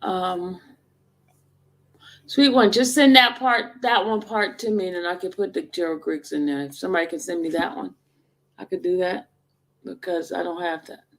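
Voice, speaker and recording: Woman, livestream host, gravelly voice, rambling casual chat, talks to viewers. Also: fairly low pitch, moderate pace, fairly bright tone.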